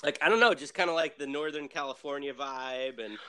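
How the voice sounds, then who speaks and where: A man rambling about a movie he just watched, piling on fillers and laughing easily. His voice sits slightly high for a man. It is recorded close and dry. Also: fairly quick, bright, forceful tone, clean tone, no echo. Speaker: podcast co-host. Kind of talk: casual movie chat.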